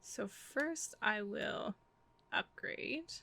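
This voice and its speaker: A woman's voice: medium pitch, lively intonation, very slow, vocal fry, bright, forceful tone. A woman co-hosting a casual board game playthrough, playful and teasing as she plays.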